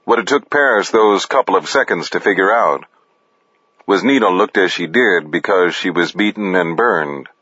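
A man narrating fiction in an expressive, deliberate manner. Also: low-pitched, husky, dry recording, highs cut off. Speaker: audiobook narrator.

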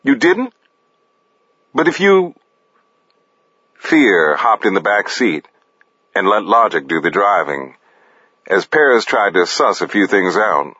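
A man narrating fiction in an expressive, deliberate manner. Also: low-pitched, no echo, muffled recording. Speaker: audiobook narrator.

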